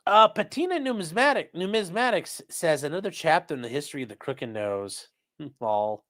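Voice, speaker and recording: Man, livestream host, lively up-and-down delivery, sarcastic, swears, reads chat aloud. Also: a little high, fairly quick. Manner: sarcastic and blunt, swears freely; reads viewer messages aloud, with asides. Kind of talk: casual live commentary.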